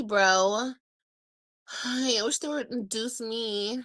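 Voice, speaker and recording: A tired woman in her thirties chats to her livestream viewers, sighing often and dragging her words out slowly. The recording is close and dry, with no room sound. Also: medium pitch, a bit bright, no echo. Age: 30s. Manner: weary, sighing, drawn-out talk. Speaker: livestreaming vlogger. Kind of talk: casual livestream chat.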